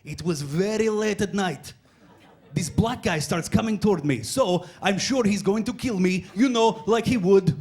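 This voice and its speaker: A man voicing an excitable Croatian man who tells a story in a heavy put-on accent and broken English. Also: sits high, moderate pace. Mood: confiding.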